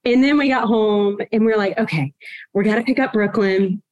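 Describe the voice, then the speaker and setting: Woman podcast guest, animated storyteller, quotes others as she goes. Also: medium pitch, normal speed. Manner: animated, emotional retelling with quoted dialogue. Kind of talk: storytelling in a casual interview.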